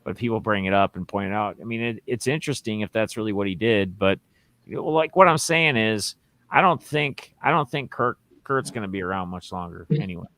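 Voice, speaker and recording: A man's voice: on the low side, brisk, fairly bright tone, dry recording. A man hosting a casual sports podcast, rambling through opinions and reading out listener questions. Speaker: podcast host.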